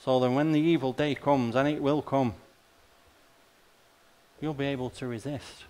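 A man's voice: mid-range voice, steady tone, moderate pace, a little mellow. A male pastor delivering a sermon in a conversational, plain-spoken way, often tossing rhetorical questions and wry asides to the congregation. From Australia.

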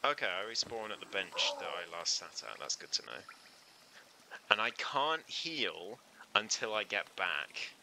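A man's voice: fairly low pitch, sing-song, measured pace, vocal fry, noisy background. A man chatting casually as he streams a video game, reacting aloud and laughing often. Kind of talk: casual live gameplay commentary.

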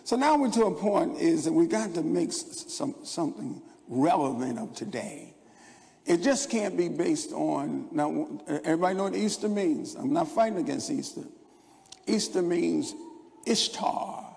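Older male pastor, high gravelly voice, rambling sermon storytelling, echoing church hall. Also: lively intonation, moderate pace, mellow. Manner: rambling storytelling with stammered restarts. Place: church sanctuary. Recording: long church hall reverb.

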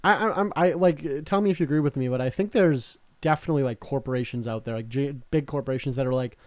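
A man's voice: medium pitch, fast talker, no echo. A young man from Canada co-hosting a podcast, talking in a rambling, profane way with many restarts. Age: young adult. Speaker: podcast co-host. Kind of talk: casual chat.

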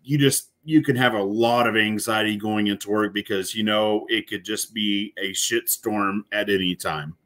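A man with a fairly low voice talks through a video in a loose, casual way. He rambles and leans on fillers and restarts as he reacts as a corrections officer. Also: steady tone, normal speed, few pauses, fairly bright tone.

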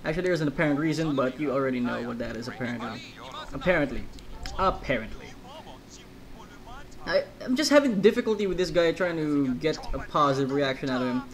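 A man's voice: fairly high pitch, animated, quick pace, low-quality recording. A man giving casual let's-play commentary, rambling between jokey asides.

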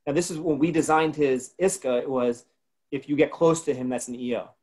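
A man's voice: fairly high pitch, steady tone, fairly quick, a little mellow. A man from New Jersey co-hosting a webinar on a video call, speaking casually and leaning on filler words like "like". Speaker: co-host presenter.

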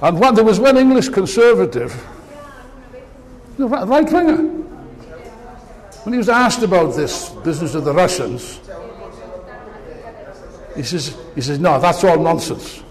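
A man giving an impassioned political speech to an audience, with mocking asides. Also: sits high. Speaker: political speaker. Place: large meeting hall. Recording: long reverb of a hall.

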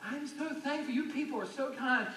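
A man preaching a sermon as a pastor, talking in a conversational way and dropping to a hushed voice when telling stories. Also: extremely high pitch, moderate pace. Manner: conversational, drops to a hushed near-whisper in stories. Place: church sanctuary. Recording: echoey church hall, mic at a distance.

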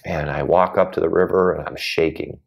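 A man's voice: low-pitched, steady tone, brisk, vocal fry. A man as a guest on an interview show, telling a personal story earnestly and acting out the voices of people he quotes.

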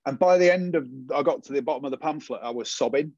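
A man's voice: fairly high pitch, fast, dry recording. Man telling his story, muffled sound. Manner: animated storytelling, acts out quoted voices. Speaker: guest. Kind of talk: casual interview chat.

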